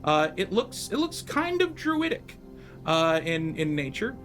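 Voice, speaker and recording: Higher-voiced man running a tabletop game. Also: big pitch swings, a bit bright, faint music behind. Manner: rambling, halting narration. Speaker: game master.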